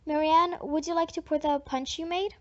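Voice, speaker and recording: A woman voicing a busy young mother who gives quick, friendly directions. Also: high-pitched, steady tone, darkish tone, natural voice. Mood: brisk. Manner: brisk and directing. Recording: dull lo-fi audiobook recording.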